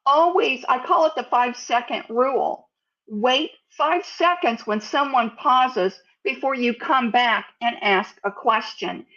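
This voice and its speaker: An American woman giving a sales speaking lesson, over-enunciating example words in a deliberate, teaching manner. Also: fairly high pitch, bright, forceful tone, muffled recording. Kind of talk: instructional talk to camera.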